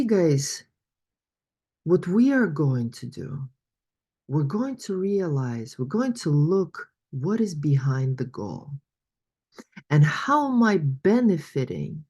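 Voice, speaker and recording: A money coach with a notably low, dark, husky voice runs an online workshop over a video call. She presents in an encouraging, storytelling style, leaning on plenty of fillers along the way.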